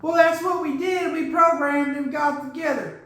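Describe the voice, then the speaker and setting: A man putting on a high, cheeky wolf-dog co-host. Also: fairly even intonation, moderate pace, fairly bright tone. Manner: playful, brash, barks between lines. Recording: very echoey room.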